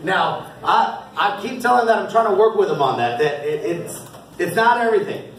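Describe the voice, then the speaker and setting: Male coach, high voice, upbeat banquet award speech, echoey hall, off-mic. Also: lively intonation, moderate pace, recorded from a distance, slight background noise. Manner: upbeat and encouraging, often laughing. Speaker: youth football coach.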